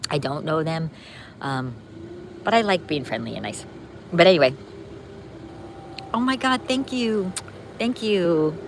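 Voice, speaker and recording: A woman's voice: deep voice, background noise. A woman chatting casually with viewers on a livestream while out walking her dog, upbeat and rambling with many fillers and restarts. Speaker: livestream vlogger. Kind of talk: casual live chat with viewers. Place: outdoors on a street with her dog.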